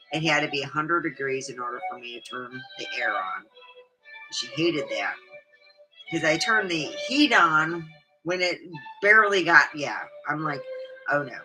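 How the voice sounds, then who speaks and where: A woman's voice: deep voice, low-quality recording. Rambling, chatty woman vlogger. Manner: meandering, chatty, frequent fillers. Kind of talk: rambling casual livestream chat. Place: home studio. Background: faint background music.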